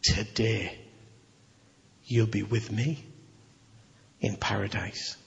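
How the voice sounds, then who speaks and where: A man voicing a calm, gentle savior figure in a low, soft voice, in an echoey hall. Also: unhurried, vocal fry, heavily acted. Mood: tender. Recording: echoey hall, slightly dull.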